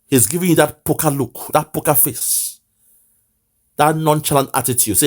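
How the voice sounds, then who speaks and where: With a Nigerian accent and a fairly high-pitched voice, this online commentator speaks at a moderate pace. His political commentary is impassioned, full of lament and repeated phrases for emphasis.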